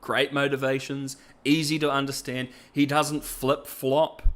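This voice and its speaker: A man's voice: mid-range voice, level tone, unhurried, a bit bright. Chatty man on a podcast. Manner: chatty and jokey, with playful asides. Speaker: podcast host. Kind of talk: casual podcast-style review.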